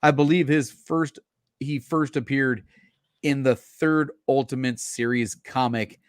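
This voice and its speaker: A man co-hosting a casual chat show, reading out sales figures in a relaxed, bantering way. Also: mid-range voice, unhurried, no room sound, studio quality. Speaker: co-host.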